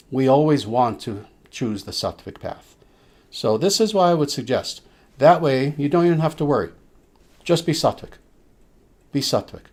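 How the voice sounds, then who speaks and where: A man speaking as a spiritual teacher, answering listeners' questions in a slow, emphatic way with soft filler sounds. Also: mid-range voice.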